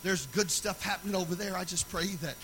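A man preaching a sermon, moving between loud, sung exhortation and quiet, conversational storytelling. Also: high voice, brisk, noisy background.

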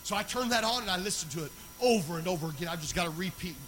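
A man pastor preaching a sermon, telling a personal story that builds into loud, chanting preaching. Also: high-pitched, lively intonation, racing, slight background noise, rough recording.

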